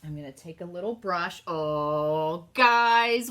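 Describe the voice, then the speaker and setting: A woman with a Southern US accent hosting a casual live craft demo, chatty and excitable as she talks to her viewers. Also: medium pitch, unhurried, a little hiss or hum. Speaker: craft host.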